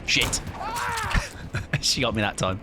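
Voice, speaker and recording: A man with a British accent giving animated live gaming commentary, swearing and laughing a lot. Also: on the low side, slow, noisy background. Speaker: streamer. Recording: game music playing under the voice.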